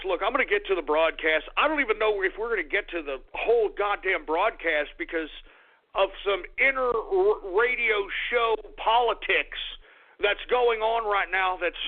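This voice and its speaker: Over tinny, phone-like radio audio, a man hosts a talk show and rants in an agitated way, swearing and stammering. His voice sits high and he speaks at a normal speed.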